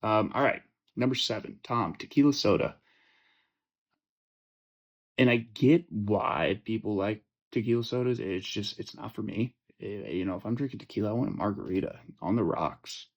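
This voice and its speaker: A man's voice: on the low side, normal speed, lo-fi sound. A young man hosting a casual fantasy football chat, profane and joking, rambling with lots of fillers and restarts. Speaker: fantasy football podcast host.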